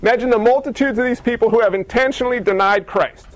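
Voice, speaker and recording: A man preaching a sermon in a lively, animated way, acting out the people in the story he tells. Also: extremely high pitch, quick pace, dry recording, low-quality recording. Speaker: pastor.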